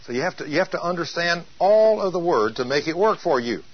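A male preacher giving an emphatic sermon, drawing out scripture quotes slowly for weight. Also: a little high, animated, breathy edge, lo-fi sound.

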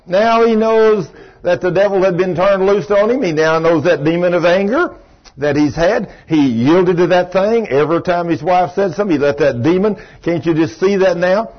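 Middle-aged preacher, husky and fairly high-voiced, folksy animated sermon storytelling, dull lo-fi recording. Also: male voice. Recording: dull lo-fi sound.

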